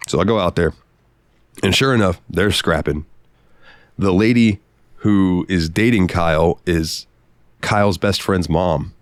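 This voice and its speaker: Man, podcast co-host, very low voice, dry close sound, swearing storyteller. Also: unhurried, pauses often, no echo. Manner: profane, animated anecdote-telling. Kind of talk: casual storytelling.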